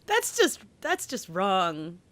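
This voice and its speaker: A woman from Massachusetts co-hosting a podcast, chatting in a lively way, laughing often and saying "like" a lot. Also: medium pitch, slow pace, no room sound. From Massachusetts, USA. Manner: animated, laughing, lots of "like". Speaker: podcast co-host. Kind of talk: casual chat.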